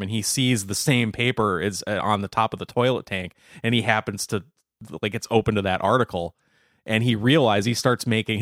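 A man's voice: fairly low pitch, dry recording, clean studio sound. A man co-hosting a podcast in casual chat, laughing often and slipping into mock accents when he quotes. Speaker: podcast co-host.

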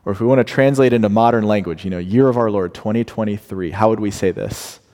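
A man preaching a sermon, acting out scripture in a lively way with big rises and drops. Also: fairly low pitch, quick pace. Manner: animated, dramatic paraphrasing of scripture. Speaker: pastor. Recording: long hall reverb.

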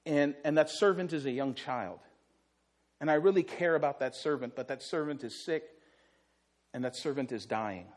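A man voicing a humble Roman officer who pleads for help, speaking softly and haltingly. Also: on the high side, voice pushed down, natural voice. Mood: pleading. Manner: halting, soft and slow, repeating words.

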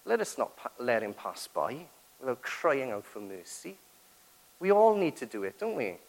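A man's voice: medium pitch, sing-song, normal speed, rough recording. Man preaching with rhetorical questions. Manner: rhetorical questions, dramatic quoted prayers. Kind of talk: sermon.

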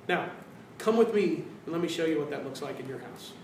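A pastor delivers his sermon with animated swings, acting out quoted voices and falling to hushed tones. His voice sits high for a man. It carries through a roomy church sanctuary from a little distance, with a faint room hum behind. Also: brisk, few pauses.

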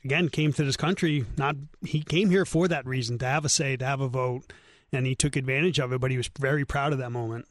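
A man's voice: medium pitch, steady tone, fast, no echo, clean studio sound. A man hosting a weekly radio talk show, chatting casually and rambling with frequent self-corrections.

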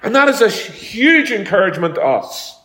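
A man's voice: sits high, sing-song, normal speed, fairly bright tone. A man preaching a sermon as pastor, talking in a conversational way and telling homely stories. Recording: echoey room.

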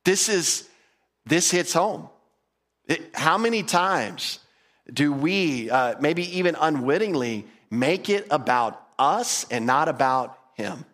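A man's voice: fairly high pitch, lively intonation, takes it slowly, a bit bright. A male pastor preaching a casual, humorous sermon, acting out little quotes as he goes. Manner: conversational, humorous, acts out quotes.

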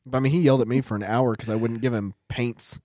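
A man in his thirties, a father of young kids, telling lively stories in casual chat and laughing along. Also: mid-range voice, quick pace, no echo, clean studio sound. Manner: animated, laughing storyteller.

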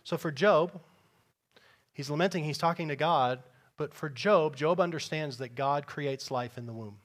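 A man's voice: fairly high pitch, normal speed. A man preaching a sermon to his congregation in a conversational, emphatic way, with sarcastic asides. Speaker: pastor. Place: church before a congregation.

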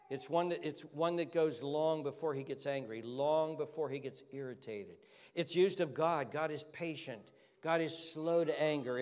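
A man preaching a sermon as pastor, earnest, rising loud on key phrases and dropping low and quiet. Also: big-room sound. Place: church sanctuary.

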